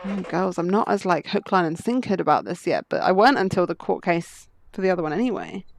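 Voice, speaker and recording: A woman's voice: fairly low pitch, lively intonation, fast, vocal fry, slight background noise. A woman streaming a game playthrough, chatting casually and thinking aloud.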